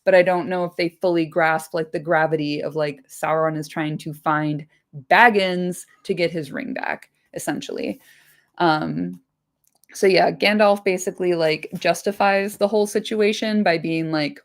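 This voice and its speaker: A woman with a slightly low voice talks through a book chapter in casual chat. She rambles, leans on filler words and swears freely. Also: fairly even intonation, moderate pace. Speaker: podcast host.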